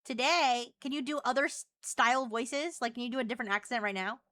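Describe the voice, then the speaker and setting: A woman's voice: fairly high pitch, a little fast, fairly bright tone. A woman streamer teasing and chatting playfully with an AI voice on a live stream. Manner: playful, teasing, flirty questions.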